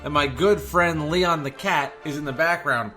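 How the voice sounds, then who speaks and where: A man's voice: a little high, normal speed, pushed and bright, soft background music. A man, hosting a casual podcast from his home garage, jokey and self-deprecating. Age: 30s. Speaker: podcast host. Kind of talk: casual podcast chat and host-read ads.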